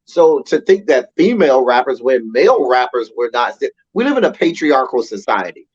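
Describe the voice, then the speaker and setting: A man's voice: mid-range voice, big pitch swings, normal speed, husky, lo-fi sound. A man co-hosting a casual podcast chat, looking back on music history in a reflective manner with frequent "you know" fillers. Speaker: co-host.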